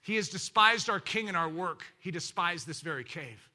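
A condemning voice of religion that recites charges in a solemn, accusing tone, as a preacher puts it on. The voice is high and very bright. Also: male voice, lively intonation, normal speed, exaggerated voice.

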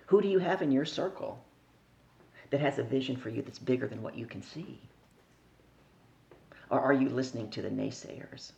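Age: middle-aged. Sex: woman. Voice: gravelly, animated storyteller. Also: extremely low pitch, moderate pace, pauses often, highs cut off. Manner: animated storyteller who acts out voices and asks the listener questions. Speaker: guest, sales coach. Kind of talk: storytelling in a podcast interview.

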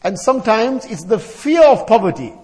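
Male preacher, high voice, measured rhythmic lists, long reverb of a large hall. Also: very animated, a little mellow. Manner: chants Arabic verses, then explains them; repeats phrases in rhythmic lists. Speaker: Islamic scholar giving a talk. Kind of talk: sermon.

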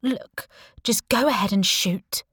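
A woman narrator voicing a frightened, defiant teenage girl in an audiobook, with high, strained, sweary outbursts. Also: takes it slowly, fairly bright tone, slightly rough, no echo, clean studio sound, heavily acted. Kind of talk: audiobook character voice.

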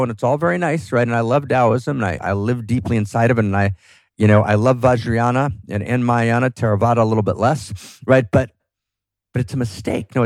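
On a podcast, a guest with a mid-range voice talks passionately about philosophy, fervent and emphatic, frequently adding "right?". The recording has no echo.

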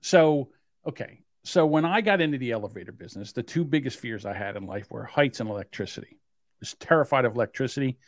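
A middle-aged man co-hosting a casual podcast, telling stories in a lively way and acting out the people in them. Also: medium pitch, fast, dry recording. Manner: animated storyteller, acts out voices and yelps. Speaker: podcast co-host.

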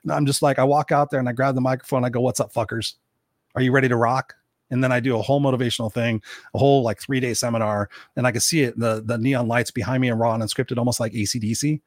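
Fast-talking, blunt motivational host. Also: male voice, medium pitch, no echo, clean studio sound. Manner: blunt and energetic, swears freely; rambling, with many restarts and fillers. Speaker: motivational speaker and show host. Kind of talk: unscripted livestream Q&A, reading viewer comments.

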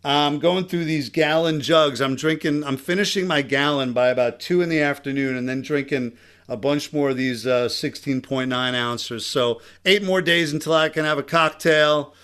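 A man with a Long Island accent hosting a casual, energetic podcast conversation. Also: a little high, moderate pace, clean tone. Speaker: podcast host.

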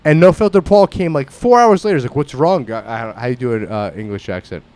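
A man's voice: fairly high pitch, quick pace, no echo. A man hosting a podcast who tells a long story in casual chat, rambling and swearing often. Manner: rambling, profane, animated storyteller. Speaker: podcast host.

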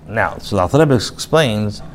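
A rabbi giving a casual spoken class, reading phrases aloud and then explaining them in plain talk, with restarts and fillers. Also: male voice, on the low side, animated, moderate pace, a little hiss or hum. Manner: reads Hebrew phrases then paraphrases them in English; frequent restarts and filler, conversational. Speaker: rabbi teaching a text class.

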